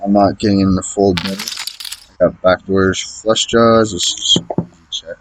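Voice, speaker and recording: A deep-voiced man speaks steadily at a moderate pace on a rough recording with a little hiss or hum. Streaming his online poker session, he casually thinks through his hands out loud, muttering reads and swearing in exasperation at opponents' plays.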